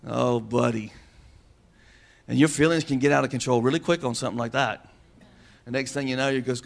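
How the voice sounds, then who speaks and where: A male pastor preaching a sermon in a folksy, animated way, joking with the congregation. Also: medium pitch, brisk, creaky, pauses often.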